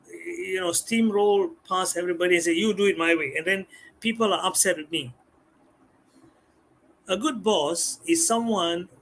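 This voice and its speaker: Lively high-voiced man. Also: a little hiss or hum. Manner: animated, acts out customers' voices, repeats words. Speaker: guest speaker. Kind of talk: live-stream talk on communication skills.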